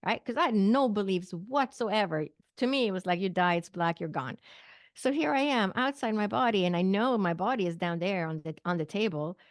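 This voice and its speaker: A middle-aged Swedish woman speaks briskly in a mid-range voice as a guest on an interview show, vividly retelling a personal story with quoted dialogue and occasional small laughs. She is a naturopathic physician and psychic medium. The recording is dry, with clean studio sound.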